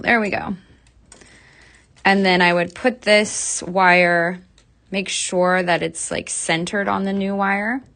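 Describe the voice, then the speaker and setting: A woman hosting a casual, chatty craft tutorial, explaining her steps in a relaxed, upbeat way. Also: medium pitch, slow pace, gravelly. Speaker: beading instructor.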